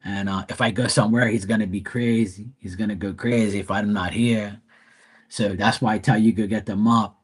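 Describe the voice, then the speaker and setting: A man's voice: lowish voice, steady tone, brisk, husky. A man doing a fussy immigrant mom. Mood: insistent. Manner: broken English, scolding. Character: older immigrant mother, fussy and protective.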